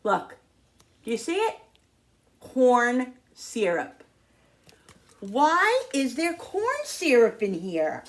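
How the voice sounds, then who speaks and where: A woman talking casually to the camera in her home kitchen, chatty and quick to vent when annoyed. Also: a little high. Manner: chatty, animated, prone to exasperated venting. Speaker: home cooking vlogger.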